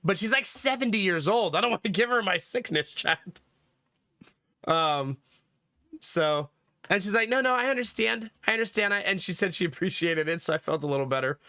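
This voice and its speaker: A man's voice: sits high, lively intonation, moderate pace, pushed and bright, no room sound, studio quality. A man with a cold, telling a story to his stream chat in a casual, laughing way. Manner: chatty storytelling, laughs often, acts out quotes. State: has a cold.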